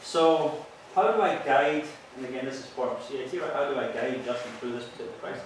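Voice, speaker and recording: Speaking quickly at a medium pitch, this man is a police officer presenting a training session, sharing stories from his calls in an earnest, explanatory way. The recording is distant and echoey, made in a hall, and background noise can be heard.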